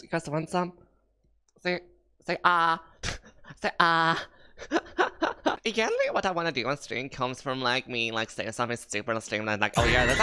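A woman streamer chatting over gameplay in a low but bright voice that swings wildly up and down. She talks slowly, giggles a lot and bursts into playful shrieks. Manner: puts on silly voices for game characters. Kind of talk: casual gameplay commentary.

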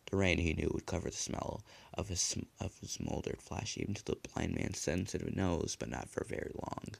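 Deep gravelly man reading a horror story. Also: normal speed. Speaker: narrator.

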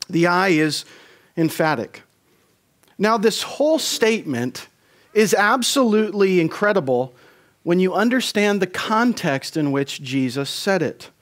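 A man preaching a Christmas Eve sermon in a church, measured and deliberate, slowing down to stress key phrases. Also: high-pitched, a bit bright. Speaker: pastor. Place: church sanctuary.

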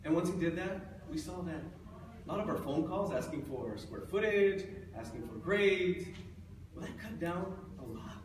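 A man with a notably high voice presents at a conference, joking and drawing the audience in. He is heard from a distance in a large hall with heavy echo. A faint noise sits underneath. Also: lively intonation, normal speed, crowd noise. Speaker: chief appraiser presenting.

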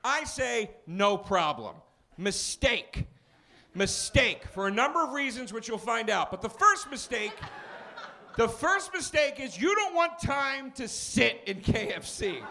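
High-voiced man doing stand-up. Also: unhurried, gravelly. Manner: animated storytelling, shouted punchlines, acts out characters. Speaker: stand-up comedian. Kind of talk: stand-up set. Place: comedy club stage. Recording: live club recording with crowd noise. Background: audience laughter.

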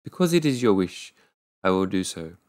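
A man's voice: low-pitched, sing-song, moderate pace, darkish tone. Earnest young fisherman, read by a man. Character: dutiful young fisherman, homesick.

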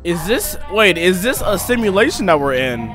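An excitable young man commentates a video game in a casual, slang-heavy way. His fairly high voice swings widely from low mutters to sudden yelps. Faint music plays underneath. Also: normal speed. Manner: excitable, slangy, yelping when scared. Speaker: gaming streamer. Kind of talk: let's play commentary.

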